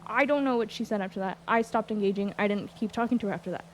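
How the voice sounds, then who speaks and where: A woman telling a story in casual chat, animated and exasperated, swearing often. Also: medium pitch, fast, slight background noise. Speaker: streamer recounting a roleplay.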